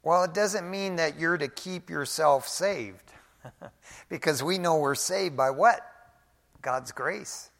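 A male pastor preaching a sermon in a casual way, often saying "man" and swinging from quiet asides to loud emphasis. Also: on the high side, slow pace, creaky. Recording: echoey hall.

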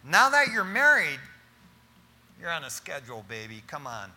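A middle-aged man preaching as pastor, talking in an animated, casual way and often calling his listeners "man". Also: fairly high pitch, moderate pace, in a large hall. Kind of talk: sermon.

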